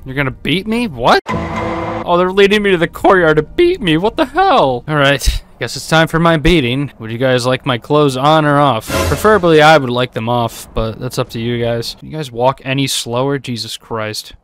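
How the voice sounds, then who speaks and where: A man's voice: fairly high pitch, lively intonation, moderate pace, fairly bright tone, faint music behind. A young man giving sarcastic, swearing let's-play commentary as a gaming YouTuber. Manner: sarcastic, swears, jokes at the game.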